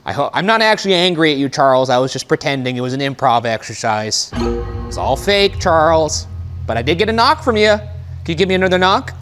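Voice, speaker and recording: A man's voice: a little high, animated, a little fast, a bit bright, faint music behind. A man hosting a ghost hunt in an old theater at night, alternating between a half-joking mock-angry improv performance toward a ghost and casual commentary. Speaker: ghost hunting show host.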